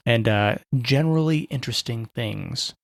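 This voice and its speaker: A man co-hosts a podcast in relaxed conversation, his voice gravelly at the edges. He rambles, restarts and slips in wry asides. The sound is dry and close. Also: mid-range voice, normal speed, no room sound. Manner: rambling, self-correcting, wry. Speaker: podcast co-host. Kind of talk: casual chat.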